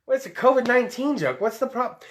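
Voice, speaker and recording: A man's voice: very high-pitched, lively intonation, a little fast, fairly bright tone. A man hosting a live-streamed show, talking in a loose, tipsy, heavily profane way. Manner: rowdy, tipsy, swears a lot. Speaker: podcast host.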